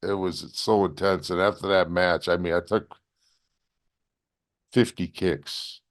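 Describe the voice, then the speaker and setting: A man, a former wrestler as interview guest, telling animated stories with blunt profanity. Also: low voice, a little slow. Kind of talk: casual storytelling interview.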